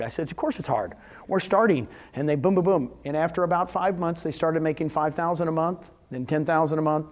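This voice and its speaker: A man whose voice is fairly high and a bit mellow speaks to a live crowd at a real estate seminar. In this motivational talk he animatedly shares success stories and fires off rhetorical questions.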